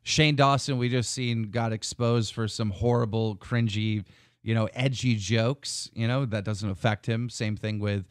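A man hosting a podcast over a group call, brash and teasing, with excitable questions. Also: on the low side, unhurried, dry recording, studio quality. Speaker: podcast host. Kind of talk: casual podcast chat. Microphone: call-in mic on a group voice call.

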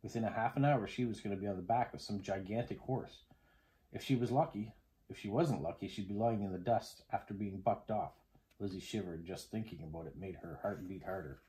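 A man reading a children's chapter book aloud as a parent, with gentle, expressive storytelling. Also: deep voice, a little fast, low-quality recording.

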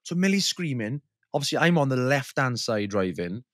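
A man's voice: mid-range voice, very animated, normal speed, no echo, clean studio sound. A young man co-hosting a podcast, laid-back and teasing, laughing often as he tells a story. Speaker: podcast co-host. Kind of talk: casual chat.

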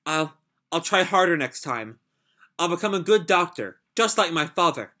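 A man's voice: fairly high pitch, animated, normal speed, pushed and bright. A man reading as an anxious eager boy. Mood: earnest. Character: pressured young boy, eager and anxious to please.

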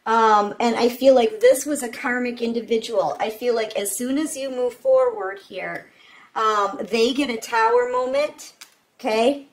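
A woman's voice: a little high, expressive, unhurried. A woman giving a casual tarot reading, talking straight to the viewer in an earnest, repetitive way. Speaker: tarot reader.

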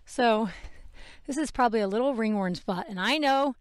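A woman's voice: a little high, normal speed, no room sound. A woman hosting a casual talk while grooming her horse, chatty and rambling, correcting herself and laughing at her slips. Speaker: podcast host and horse trainer. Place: outdoors with a horse. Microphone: wearable microphone.

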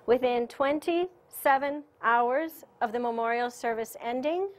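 A woman's voice: fairly high pitch, unhurried. Chatty woman telling a story to a room. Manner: chatty, animated storyteller who laughs often. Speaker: spiritual teacher giving a lecture. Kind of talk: conference lecture, personal storytelling. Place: conference room.

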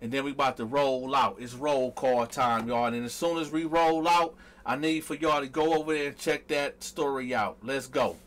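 A man's voice: mid-range voice, moderate pace, few pauses, fairly bright tone. A man hosting a live stream, talking loosely and chatting with viewers while he stumbles over their names. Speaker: livestream host. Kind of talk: casual live-stream roll call.

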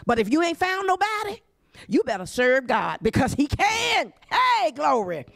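Fervent high-voiced woman pastor preaching. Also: very animated, measured pace, gravelly, no echo, clean studio sound. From Southern United States. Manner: fervent, punctuated by shouted hallelujahs and cries. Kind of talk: impassioned sermon.

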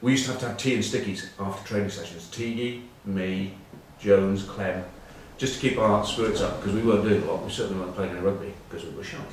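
Barely pausing, a fairly low-voiced man talks quickly through a casual anecdotal monologue for a web news piece. He's in his forties, English, and a former rugby captain, with dry humour aimed at himself and many ums and uhs. The distant mic catches lots of room echo plus a faint background noise.

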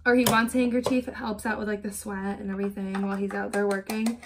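A woman's voice: mid-range voice, flat delivery, quick pace, background noise. A young woman in her twenties telling rambling stories while doing her makeup for a get-ready-with-me vlog. She fills her talk with "like" and vents with exasperation. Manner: rambling, lots of filler "like"; exasperated, venting. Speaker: beauty vlogger. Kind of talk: chatty get-ready-with-me storytelling.

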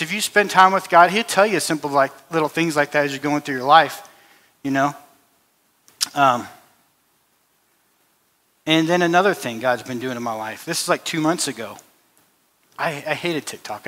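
Bright-voiced man testifying in an echoing church. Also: a little high. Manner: conversational storytelling, repeats words, many "you know" fillers. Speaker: guest speaker and musician at a church service. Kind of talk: informal testimony talk. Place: church hall. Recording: long reverb of a church hall.

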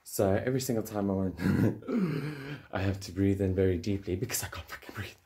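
A man's voice: fairly low pitch, moderate pace. A man with a South African English accent tells a personal story to the camera in a casual vlog, joking and swearing as he goes. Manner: swearing, joking, animated retelling. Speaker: vlogger.

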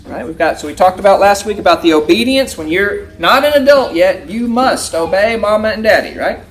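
A man's voice: sits high, expressive, fairly quick, few pauses. A man teaching a church Bible class, reading verses aloud and putting questions to his listeners. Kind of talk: interactive Bible lesson.

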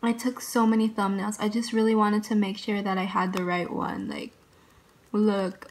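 A young woman vlogging casually from her bedroom, bubbly and gushing with excitement, into a camera mic. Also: mid-range voice, a little slow. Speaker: beauty vlogger. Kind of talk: casual vlog chat.

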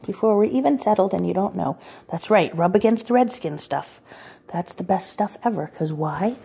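In a client's home, a woman cat sitter coos baby talk to a cat at a moderate pace, occasionally dropping to a whisper. Her medium-pitched voice is expressive, gravelly, and mellow, and her phone camera, pointed at the floor, picks up slight background noise.

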